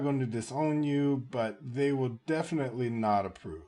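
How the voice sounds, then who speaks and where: A man's voice: mid-range voice, normal speed, mellow. A man giving reaction commentary on video clips, lecturing and emphatic, repeating his points.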